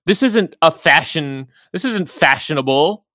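A man's voice: on the high side, lively intonation, unhurried, bright, forceful tone, no room sound. A man co-hosting a podcast, getting heated and emotional as he rants and swears. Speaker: podcast co-host. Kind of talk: casual podcast rant.

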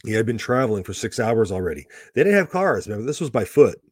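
A man's voice: lowish voice, big pitch swings, fast talker, breathy edge, no echo, clean studio sound. A man teaching a Bible passage verse by verse, explaining the background in a conversational way with casual asides.

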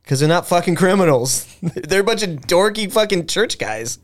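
A young man whose voice sits high co-hosts a podcast, telling a history story at a moderate pace with lively intonation. His casual, rambling storytelling is loose, full of fillers, restarts and swearing.

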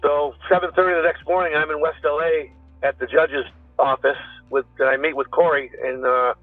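A former detective, a man, talks through his story in a loose, conversational way, restarting sentences and quoting what others said. His voice sits a touch high for a man and comes through a tinny phone-like line. The sound is dry, with faint music beneath. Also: fairly even intonation, normal speed, no echo. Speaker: former police detective, interview guest. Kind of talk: recounting a story in casual talk.

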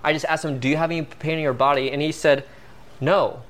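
A man as a guest, telling a story in a casual, animated way full of "like" and fillers. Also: a little high, quick pace. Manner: animated, filler-heavy, peppered with "like".

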